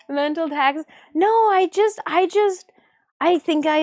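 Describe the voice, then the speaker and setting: A young adult woman from Michigan hosts her own livestream as an artist, chatting casually and rambling at a moderate pace. Her voice sits high, and she often restarts sentences and laughs.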